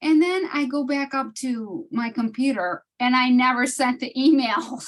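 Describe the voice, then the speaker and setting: A woman's voice: high-pitched, unhurried, few pauses, poor audio. Chatty woman sharing on a group call. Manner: chatty, many restarts and laughs. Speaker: study group member. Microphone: video call.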